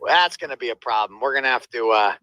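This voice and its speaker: A man in a casual livestream clip who talks loudly, swears a lot and blurts out exclamations. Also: mid-range voice, lively intonation, fast, no room sound, rough recording. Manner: loud, profane and exclamatory. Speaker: streamer in a played clip.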